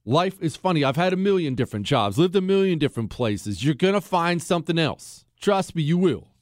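A man's voice: a little high, big pitch swings, brisk, dry recording. Talk radio guy, fired up and punchy, voice swings up and down a lot, dry close studio sound. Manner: fiery, emphatic, repeats lines for punch. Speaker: radio talk show host. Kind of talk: talk radio commentary and listener mail.

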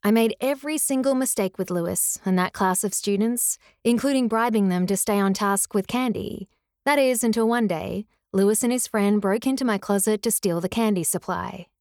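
Woman, memoir narrator and ex-teacher, middle pitch, earnest and reflective, close and dry. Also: normal speed, a little mellow, dry recording. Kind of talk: scripted first-person memoir narration.

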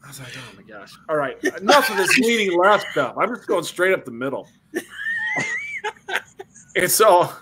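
Lively man telling a wild story. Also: sits high, moderate pace, long pauses, background noise. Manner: animated, acts out voices in quotes. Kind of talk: casual anecdote telling.

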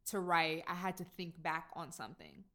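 A woman with a bright, sharp-edged voice, chatting casually. She listens closely and chimes in with warm support and gentle questions. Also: on the low side, lively intonation, moderate pace. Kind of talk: casual conversation.

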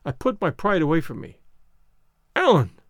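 Man, audiobook narrator, expressive, dry close sound. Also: fairly high pitch, moderate pace, no room sound. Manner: expressive storytelling, first-person. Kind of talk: scripted narration of a classic novel.

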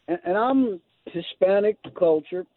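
A man calling in to a radio show, asking teasing questions in a halting way. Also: high-pitched, animated, no echo. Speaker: caller. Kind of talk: call-in radio chat. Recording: muffled phone line.

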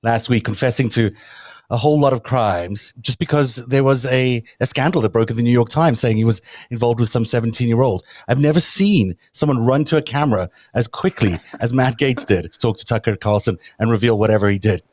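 A man's voice: mid-range voice, fairly quick, dry recording. Chatty male talk-show host, dry sound. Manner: chatty, jokey, leads the panel. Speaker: podcast host. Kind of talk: casual political talk show.

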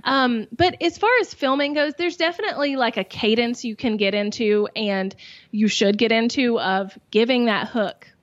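A woman's voice: normal speed, no room sound, lo-fi sound. A woman guest on an interview, talking casually and in a bubbly, over-the-top way about making videos. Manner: bubbly, over-the-top, acts out quotes in high voices. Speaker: guest, YouTube coach.

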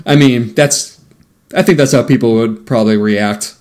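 A man co-hosting a casual podcast, recapping movie scenes with deadpan quips. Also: mid-range voice. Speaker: podcast co-host.

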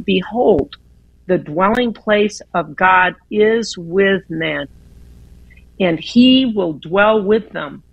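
A woman's voice: medium pitch, slightly rough, no room sound, low-quality recording. A woman guest on a radio program giving an earnest devotional talk, often repeating words as she restarts. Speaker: guest speaker.

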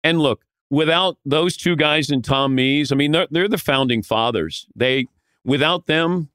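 A man guest telling lively stories from his broadcasting career, acting out the quotes. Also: fairly high pitch, measured pace, smooth, no room sound, clean studio sound. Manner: lively storyteller who acts out quotes. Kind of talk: animated anecdote telling.

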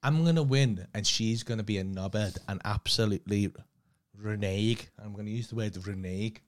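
A man co-hosting a podcast, telling stories in an animated, swearing, casual chat. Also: on the low side, normal speed. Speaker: podcast co-host.

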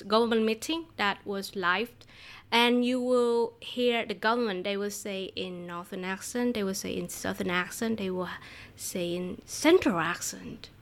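A woman's voice: mid-range voice, fairly bright tone. A woman from Vietnam who teaches Vietnamese, speaking English with a Vietnamese accent as a native Vietnamese speaker. She talks in a chatty way, laughs often and restarts phrases as a podcast guest. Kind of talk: conversational podcast interview.

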